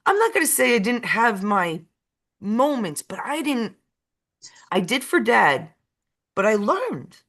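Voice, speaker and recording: A woman's voice: on the high side, very animated, takes it slowly, long pauses, fairly bright tone. A woman co-hosting a casual chat who tells a story with emotional repetition and an uneven pace. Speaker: co-host.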